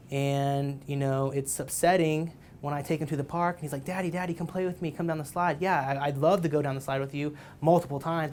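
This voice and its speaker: A man's voice: on the high side, darkish tone, a little hiss or hum. A man giving a casual tutorial lecture on ad copy, rambling and checking in with "right?" and "you know" again and again. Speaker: marketing teacher.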